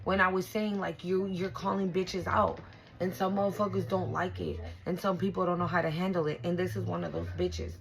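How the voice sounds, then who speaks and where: A woman with a gravelly, fry-heavy voice sitting a little low in her range. She reads cards casually for her viewers and swears freely. She is blunt and emphatic, and she often repeats herself to drive a point home. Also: little pitch movement, fairly quick, poor audio. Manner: emphatic and repetitive, restarts often. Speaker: tarot reader. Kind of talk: casual spiritual reading to viewers.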